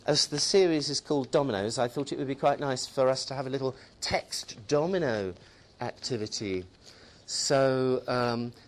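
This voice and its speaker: A man presenting to a room of teachers in a friendly, talkative way. His voice sits in a middle pitch, and he often checks in with his listeners. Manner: chatty, tag questions. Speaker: teacher trainer. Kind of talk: workshop presentation.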